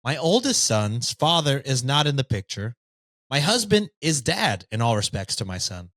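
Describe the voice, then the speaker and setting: Reading a story aloud on his podcast, a male host keeps breaking off for jokey asides. His voice is medium-pitched with a moderate pace and no echo, and his delivery is lively.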